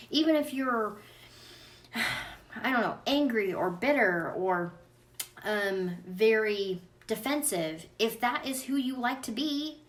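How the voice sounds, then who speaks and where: A woman's voice: a little high, recorded from a distance. A woman, an energy healing practitioner, talking earnestly and casually to viewers in a live Q&A. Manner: chatty, earnest, talks straight to viewers. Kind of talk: casual livestream Q&A.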